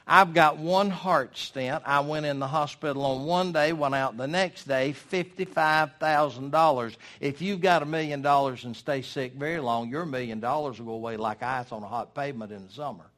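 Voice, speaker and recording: An older man delivers a sermon in an emphatic, folksy style. His mid-range voice drives each point home and leans on dramatic pauses. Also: mid-range voice, a bit bright. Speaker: preacher.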